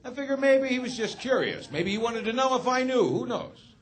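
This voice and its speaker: A man doing a stand-up comedy set, telling a story in a deadpan, sardonic way. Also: very high voice, brisk.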